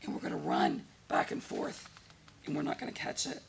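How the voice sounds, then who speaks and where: A woman preaching a sermon in a conversational way, often putting questions to her congregation. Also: moderate pace.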